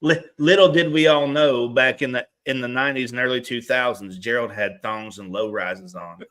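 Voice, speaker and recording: A man's voice: mid-range voice, normal speed, fairly bright tone. A man making blunt, crude jokes in a casual chat.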